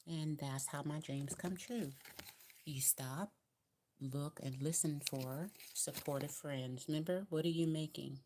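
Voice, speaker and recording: A woman's voice: low voice, measured pace, dark tone, a little hiss or hum. A woman with a Southern US accent giving a casual tarot card reading, chatty and encouraging, repeating her advice in a colloquial way. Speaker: tarot reader.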